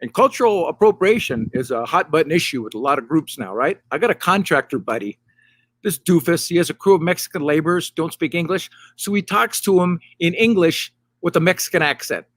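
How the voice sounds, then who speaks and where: A middle-aged man doing a loose, rambling stand-up monologue to camera from a hot tub, with deadpan punchlines. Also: fairly high pitch, a little fast, dry recording. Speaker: stand-up comedian, host. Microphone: camera mic.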